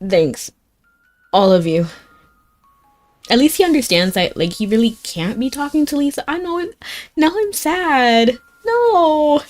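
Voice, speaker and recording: With soft music in the background, a young woman plays a fantasy game on stream, talking in a fairly high, sing-song voice. Her pace is moderate, broken by frequent pauses, and her tone is a little mellow. She chats away, leans on "like" as filler, and responds emotionally to the unfolding story.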